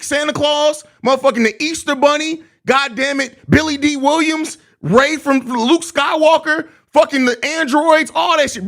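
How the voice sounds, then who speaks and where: A man's voice: extremely high pitch, a bit bright. A young man with a Chicago accent hosting a live postgame show, ranting heatedly and cursing. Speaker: podcast host.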